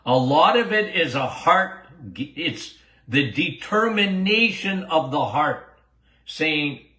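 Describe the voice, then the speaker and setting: Older male doctor-host, casual Q&A podcast, emphatic, laughs a lot, slightly high bright voice, echoey room. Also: takes it slowly. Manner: animated, emphatic, repeats himself, laughs often.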